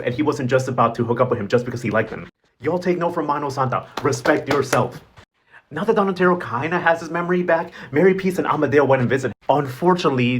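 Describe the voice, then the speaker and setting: A young man rattling through a soap opera recap at a rapid clip, sassy and gossipy, slipping into quick impressions of the characters. His voice has a husky, slightly rough edge. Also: medium pitch, a bit bright. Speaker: recap host. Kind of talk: casual novela recap commentary.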